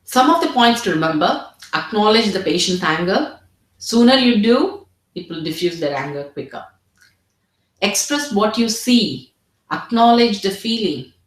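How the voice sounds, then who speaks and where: A woman teaching in an earnest, steady way, restarting and repeating words as she works through her points. Her voice sits in a middling range and carries a noticeable roomy echo. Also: mid-range voice, a little slow. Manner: earnest, repeats words, models empathetic phrases. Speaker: medical exam tutor. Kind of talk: teaching presentation.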